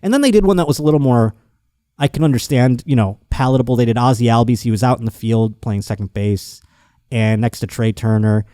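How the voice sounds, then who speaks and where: Profane, mellow-voiced male podcast host. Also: medium pitch, a little fast, no room sound, clean studio sound. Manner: profane, animated storytelling with impressions. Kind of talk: casual comedic monologue.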